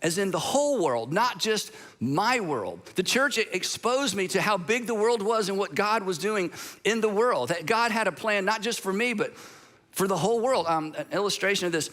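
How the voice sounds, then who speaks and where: A man's voice: high voice, fairly bright tone. A man from Georgia in the United States preaching a sermon as pastor, telling stories in a conversational way with humorous asides. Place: church auditorium.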